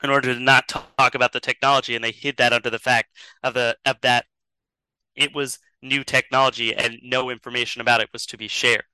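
A man's voice: medium pitch, little pitch movement, fairly quick, bright, forceful tone, smooth, no echo, poor audio. A man improvising a comedic story as a podcast host, rambling and chuckling as he goes.

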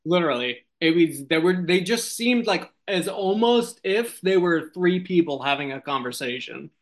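A man's voice: a little high, animated, normal speed. A man improvising a silly comic story, rambling and giggling, with lots of ums and restarts. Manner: rambling, giggly, many fillers.

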